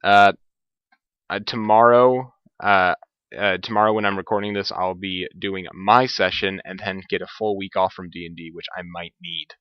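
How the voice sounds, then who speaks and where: A man's voice: sits low, moderate pace, smooth, no room sound. A man casually recapping a tabletop game session, rambling with lots of filler words and restarts. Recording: dull lo-fi home recording.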